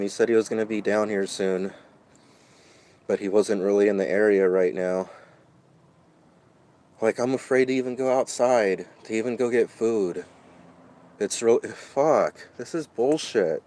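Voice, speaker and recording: A man's voice: fairly low pitch, moderate pace, long pauses, warm tone. Agitated stammering man venting. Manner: rambling, stammering, swearing, agitated. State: upset and shaken. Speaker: vlogger. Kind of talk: venting storytime vlog.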